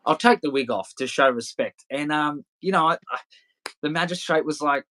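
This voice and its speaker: A man's voice: mid-range voice, animated, fairly quick, pushed and bright. A man in his thirties, a podcast guest telling stories in a loose, rambling way, swearing freely and laughing often. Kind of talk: casual storytelling interview.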